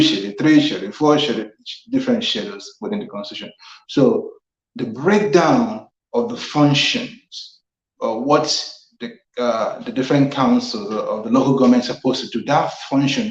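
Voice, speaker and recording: A man's voice: medium pitch, a little mellow. A Nigerian man hosting a civic talk show, earnestly explaining the constitution and repeating phrases for emphasis. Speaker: host. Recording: roomy, slightly dull sound.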